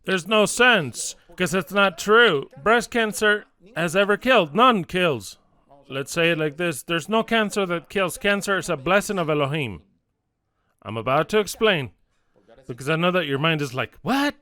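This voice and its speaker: A man's voice: high voice, normal speed, clean tone. A man preaching a sermon, emphatic and repetitive, acting out little stories as he goes. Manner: emphatic, repetitive, lively storytelling.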